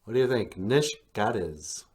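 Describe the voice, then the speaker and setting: A man hosting a podcast, teaching vocabulary in a relaxed, encouraging way and gently prompting his partner. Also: on the low side, takes it slowly. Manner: encouraging, calls partner sweetie. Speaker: podcast host teaching words. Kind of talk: language lesson, casual.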